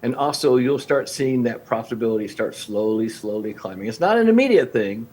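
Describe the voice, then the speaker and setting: A man's voice: medium pitch, a little fast, slightly rough. A man in his fifties, a restaurant coach, speaking as a guest on a podcast interview and acting out conversations with clients. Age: 50s. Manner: energetic, acts out phone-call dialogues with clients.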